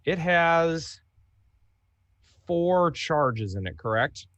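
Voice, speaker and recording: A man's voice: on the high side, animated, extremely slow, fairly bright tone, no room sound, muffled recording. A man playing a tabletop role-playing game, describing his character's moves and checking rules. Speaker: player.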